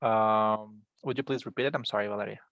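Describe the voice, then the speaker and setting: A man's voice: on the low side, steady tone, brisk, no room sound, highs cut off. Encouraging male English teacher, dry sound. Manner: encouraging, repeats words while explaining. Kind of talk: online class teaching.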